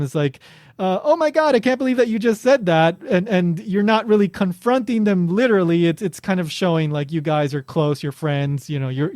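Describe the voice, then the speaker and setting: A man's voice: fairly high pitch, darkish tone, no echo, clean studio sound. A man hosting a podcast, chatting casually and explaining things with lots of restarts and fillers. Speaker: podcast host.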